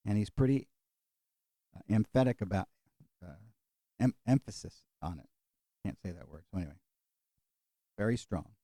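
A middle-aged male pastor preaching a sermon and closing in prayer, folksy and animated, acting out little quotes and jokes. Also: on the low side, moderate pace, pauses often, no echo, clean studio sound.

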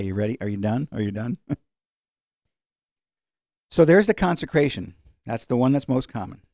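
A man teaching a sermon in a conversational way, slowing down when he quotes scripture. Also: mid-range voice, warm tone, dry recording, clean studio sound. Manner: conversational, varies pace for emphasis, slows on scripture. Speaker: pastor.

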